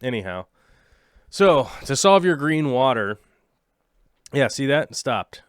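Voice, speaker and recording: A man's voice: medium pitch, very animated, slow, clean tone, no echo, studio quality. Rambling jokey man streaming live. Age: late 30s. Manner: rambling, jokey, chats with viewers. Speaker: aquarium livestream host. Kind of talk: casual livestream chat.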